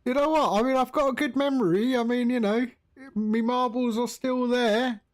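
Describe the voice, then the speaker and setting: A man giving casual live-stream commentary as he sets up a flight simulator, chatting to viewers in a relaxed, rambling way. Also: very high voice, normal speed.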